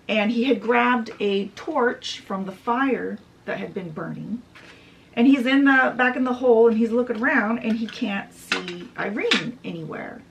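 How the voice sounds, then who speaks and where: Chatty woman retelling a fairy tale, gravelly fry in her voice, sounds a bit far from the mic, pitched a touch high. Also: slight background noise. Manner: chatty retelling with "she's like" quotes. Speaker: book vlogger. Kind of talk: casual storybook summary.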